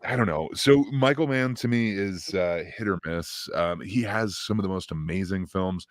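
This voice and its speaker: A man's voice: low-pitched, normal speed. A man co-hosting a podcast, giving a rambling, hesitant film review full of fillers and restarts. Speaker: podcast co-host reviewing films. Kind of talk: casual film review chat.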